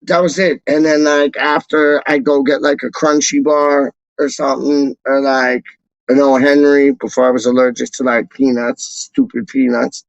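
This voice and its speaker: A man's voice: medium pitch, flat delivery, moderate pace, creaky, dry recording. A young American man chatting casually and rambling about food, slangy and laid-back, on a slightly dull lo-fi recording. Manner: slangy, laid-back, constantly says "dog". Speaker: football fan channel host.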